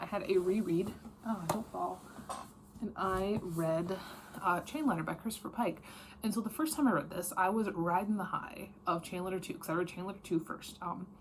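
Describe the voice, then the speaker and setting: A woman's voice: on the low side, a little hiss or hum. A woman chatting casually about books she read, frank and rambling, with many fillers and self-corrections. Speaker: book vlogger. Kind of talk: casual reading wrap-up chat.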